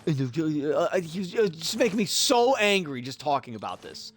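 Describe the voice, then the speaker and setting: This man's voice runs on the high side, at a moderate pace with few pauses. During a live game stream he casually and animatedly retells a story, cursing in exasperation and muttering as he plays.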